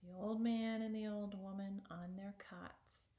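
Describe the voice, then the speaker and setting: Woman folktale storyteller, expressive with suspenseful whispers, echoey room. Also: medium pitch, unhurried.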